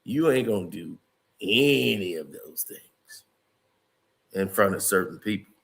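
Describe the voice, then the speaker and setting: A man's voice: sits low, expressive, a little slow, vocal fry, a bit bright. A man commenting on a video clip in a casual, incredulous way, laughing often.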